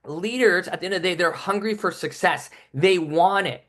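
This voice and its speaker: A high-voiced man gives a motivational training to his team. He talks with steady energy and keeps checking in with "right?". His delivery is that of a seasoned team trainer. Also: normal speed.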